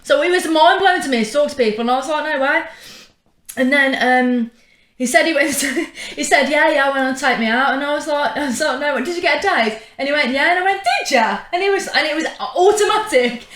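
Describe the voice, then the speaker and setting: A young woman co-hosting a podcast in easy, chatty conversation. Her voice sits high, and the room is noticeably echoey. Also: brisk, fairly bright tone. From England. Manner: chatty, laughs easily. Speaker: podcast co-host. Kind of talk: casual chat.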